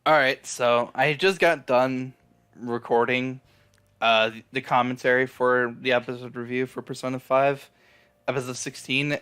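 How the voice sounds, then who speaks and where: A man's voice: medium pitch, fairly even intonation, unhurried, fairly bright tone, smooth. A man casually recapping an anime episode, rambling and swearing, with lots of fillers and restarts. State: feeling down and apologetic. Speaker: anime reviewer.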